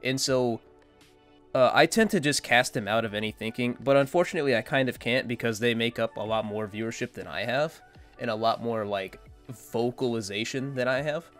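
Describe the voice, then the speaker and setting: A man's voice: mid-range voice, normal speed, fairly bright tone, faint music behind. A man giving casual, rambling opinion commentary as a gaming content creator, blunt and dismissive.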